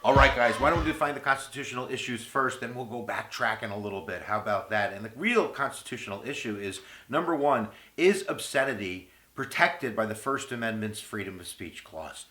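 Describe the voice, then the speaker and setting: A man giving an energetic history video lecture, full of goofy jokes and playful asides. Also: mid-range voice, brisk, few pauses. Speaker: history teacher. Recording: roomy echo with faint music.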